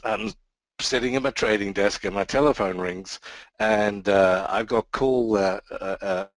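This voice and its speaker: A man's voice: lowish voice, measured pace, dry recording, low-quality recording. A middle-aged man from the Isle of Wight with a Southern English accent, presenting a trading webinar in a chatty, self-deprecating storytelling way over a computer mic. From Isle of Wight, England.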